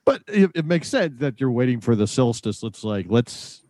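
A man's voice: medium pitch, sing-song, moderate pace, dark tone, no echo, clean studio sound. A man co-hosting a casual podcast, cracking jokes and riffing on the host's facts. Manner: joking, wisecracking. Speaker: podcast co-host.

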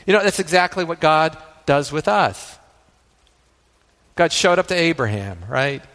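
A man's voice: high voice, fairly bright tone, big-room sound. A man preaching a sermon as pastor. He often checks in with the congregation by asking "right?" and retells scripture at length.

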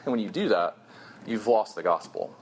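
A man's voice: fairly low pitch, expressive, moderate pace, husky. A young man preaching a sermon to college students, earnest and storytelling, with his voice jumping up for emphasis.

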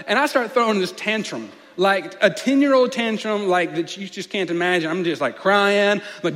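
A man, preaching a sermon as a playful, animated storyteller. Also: high voice, moderate pace, few pauses. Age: late 20s. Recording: long reverb of a large hall.

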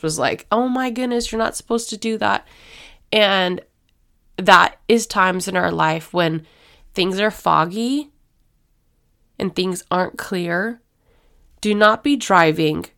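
A woman's voice: lowish voice, fairly bright tone. A woman hosting a faith-based podcast, talking in a chatty, rambling way and acting out little quoted voices as she goes. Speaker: podcast host.

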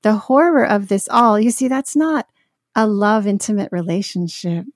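A woman speaking as a podcast guest in a Christian conversation, earnest and heartfelt, with soft laughs. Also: medium pitch, normal speed, dry recording, studio quality.

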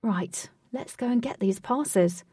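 A woman's voice: on the high side, slow, mellow, breathy edge, dry recording, clean studio sound, recorded from a distance. A woman voicing Katy, an impatient, cheeky young woman who loves to party, in a storybook reading. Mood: bratty. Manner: bratty, impatient, giggly.

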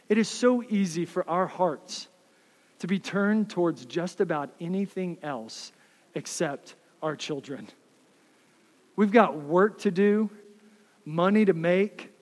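Man in his thirties, pastor's sermon, impassioned, high-pitched, reverberant hall. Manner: impassioned, builds up then drops to soft asides.

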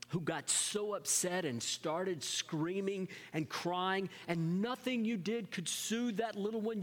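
A man preaching a sermon as pastor, shifting between lively emphasis and soft, hushed moments. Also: high voice. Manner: dynamic preaching, drops to soft whispers for emphasis. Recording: long hall reverb.

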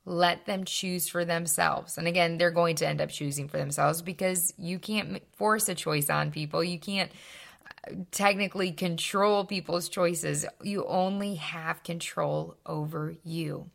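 A young adult woman giving calm, earnest advice, slowing down to stress key words. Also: on the low side, creaky. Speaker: speaker giving life advice. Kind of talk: calm scripted talk to camera.

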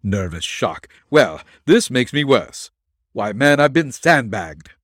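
A man's voice: on the low side, big pitch swings, slightly rough, no room sound, studio quality. A man doing a blunt, wry old-time detective. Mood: indignant. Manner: brisk, blunt and sardonic. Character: blunt stubborn male detective, wry and combative.

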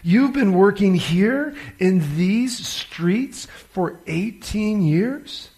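Man doing a stunned reporter guy, higher pitched, gravelly, disbelieving. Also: expressive, extremely slow, a little mellow, full character voice. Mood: incredulous. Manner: incredulous, questioning. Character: astonished male journalist, middle-aged.

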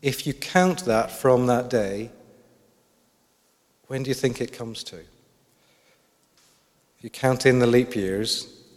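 A man's voice: medium pitch, slow, long pauses. A man preaching a sermon, thoughtful, asking his listeners many questions. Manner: reflective, asks the congregation questions. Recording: long hall reverb.

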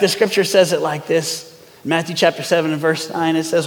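A man in his forties preaching a sermon in a church, animated, swinging from loud to hushed. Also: a little high, a little fast, gravelly. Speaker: pastor. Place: church sanctuary. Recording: long hall reverb.

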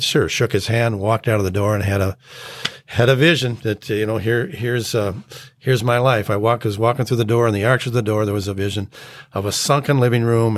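An American man telling his life story as an interview guest, earnest and halting. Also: lowish voice, no room sound. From United States. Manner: earnest, halting, acts out quoted dialogue. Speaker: guest sharing his testimony.

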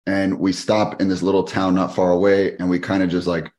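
A man with a very low, deep voice tells a story as a podcast guest. He keeps the story moving quickly and animatedly, and he is middle-aged. His tone is casual and conversational. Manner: animated, fast-paced storyteller who acts out quoted people. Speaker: podcast guest, fitness business owner.

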